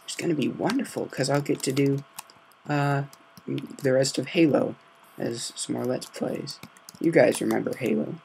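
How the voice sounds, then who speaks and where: Quiet, gravelly-voiced man narrating gameplay. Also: moderate pace, a little hiss or hum. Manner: quiet, low-key, meandering. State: slight sore throat. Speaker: gaming video host. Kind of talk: hushed let's-play commentary.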